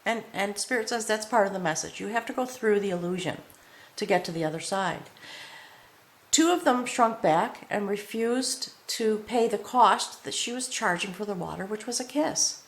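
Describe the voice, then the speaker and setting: A woman reads tarot for her viewers in a mid-pitched voice, earnest and devotional, often pausing to ask whether they follow her. The recording has a noticeable roomy echo. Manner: earnest, addresses the viewer with frequent "okay?". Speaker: tarot reader. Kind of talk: spiritual tarot reading to camera.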